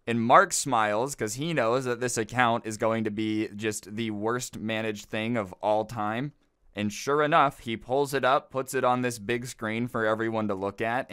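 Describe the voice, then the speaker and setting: A man's voice: medium pitch, fairly bright tone, clear, resonant tone, no echo, studio quality. A man narrating a storytime video in a chatty, casual way with slangy asides.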